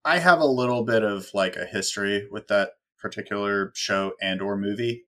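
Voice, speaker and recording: A man's voice: lowish voice, normal speed, bright, forceful tone. A man co-hosting a casual talk show, making wry, sarcastic asides. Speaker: podcast co-host. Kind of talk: casual chat.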